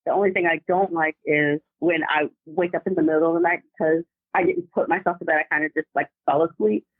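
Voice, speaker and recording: A woman calling in to a podcast, telling a story in a casual and animated way. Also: low-pitched, quick pace, no room sound. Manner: animated, vivid retelling. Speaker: caller. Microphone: phone call. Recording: tinny phone line.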